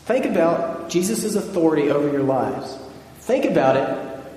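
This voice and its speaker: A man's voice: a little high, expressive, normal speed, mellow. A man in his thirties preaching a sermon as pastor, earnest and building through repeated lines. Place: church sanctuary. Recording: echoey church hall.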